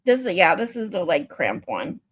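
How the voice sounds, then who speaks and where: A woman hosting a livestream in casual chat, chatty and quick to giggle. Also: fairly low pitch, big pitch swings, breathy edge, no room sound. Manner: giggly and chatty, laughs a lot. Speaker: livestream host.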